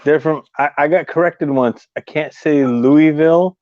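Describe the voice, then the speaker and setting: A man from California co-hosting a casual livestream chat, blunt and profane, telling animated stories. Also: fairly high pitch, moderate pace, dry recording, dull audio.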